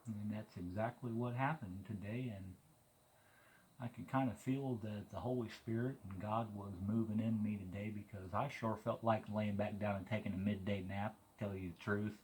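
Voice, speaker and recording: Chuckling Missouri man, lowish voice. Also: fairly even intonation, normal speed, darkish tone, slight background noise, poor audio. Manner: rambling and chuckling often. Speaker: vlogger. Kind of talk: casual chat. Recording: guitar music playing behind.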